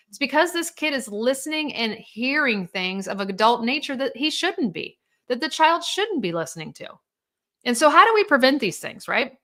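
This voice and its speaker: A woman's voice: fairly high pitch, bright, forceful tone. A woman coach hosting a live show, talking candidly and bluntly to viewers and acting out quoted voices.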